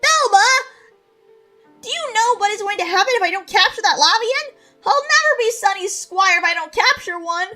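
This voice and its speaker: A woman doing a loud, boastful squid creature. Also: very high voice, a little slow, soft background music, voice pushed up, exaggerated voice. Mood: excited, loud. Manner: shouty, excitable, boastful.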